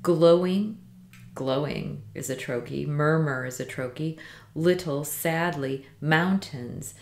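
A woman teaching how to write poetry in meter, speaking in a measured way and slowing down to stress the syllables of the lines she reads aloud. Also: low voice, fairly even intonation, gravelly, echoey room. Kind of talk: instructional lesson reading poems aloud.

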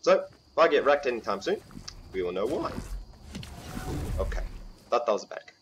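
A man's voice: medium pitch, sing-song, brisk, a little hiss or hum. A man doing casual, goofy gameplay commentary as a gaming YouTuber, a bit sick and coughing, sliding into silly voices. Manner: goofy, jumps into silly voices and off-key singing.

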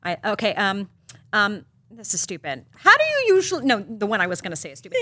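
A woman's voice: mid-range voice, wildly swooping pitch, fast, sharp tone. A woman co-hosting a chat podcast, enthusiastic and laughing often. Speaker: podcast co-host. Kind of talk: casual chat.

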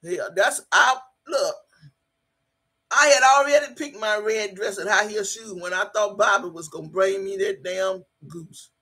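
A woman hosting a casual live stream, reading the chat out loud, swearing freely, laughing often and hollering in bursts. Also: medium pitch, unhurried, slightly rough. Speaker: livestream host.

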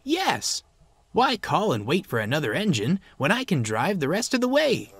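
A man's voice: fairly high pitch, huge pitch swings, normal speed, fairly bright tone, slightly rough, dry recording, pitched above the performer's own voice, full character voice. A man voicing an earnest, flustered young male bus in a storybook reading. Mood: eager. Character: dependable young male bus, anxious and eager. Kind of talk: storybook narration.

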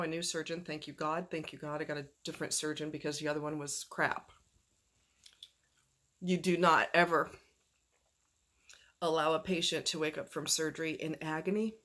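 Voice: medium pitch, sharp tone. A vlogger in a casual talking-head video, speaking candidly and emphatically with frequent fillers while in pain from a fractured ankle.

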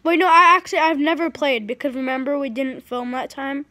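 Boastful woman, very high voice, dry close recording; casual chat among friends. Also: fairly quick, pushed and bright, dry recording. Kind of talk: casual chat while filming gameplay.

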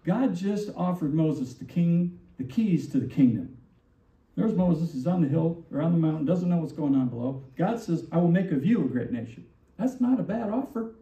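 A man preaching from the pulpit with a mellow, dark tone, his voice somewhat high for a man. He talks animatedly, firing rhetorical questions. He sounds distant in a roomy church, on a dull, muffled recording. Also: moderate pace. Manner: animated, rhetorical questions, acts out quoted lines. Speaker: pastor. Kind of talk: sermon.

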